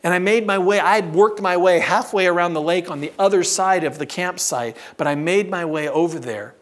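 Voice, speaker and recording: A man telling a personal story in a sermon to a live audience. He is humorous and animated, and he varies his delivery a lot. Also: high voice, brisk. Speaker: preacher.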